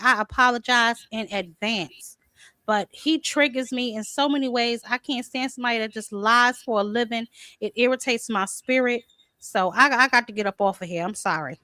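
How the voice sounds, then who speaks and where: A woman's voice: on the high side, bright, forceful tone, no echo. A woman hosting a boxing livestream, ranting in exasperation and calling her viewers baby and honey. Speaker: livestream host. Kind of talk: heated casual livestream chat.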